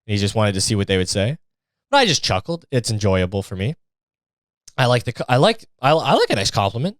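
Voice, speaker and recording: Young male podcast host, smooth clean voice, dry close sound, loose profane rambling comedy. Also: on the low side, sing-song, a little fast, no echo. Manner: rambling, profane, restarts and mimics others for laughs. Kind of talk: casual comedic monologue.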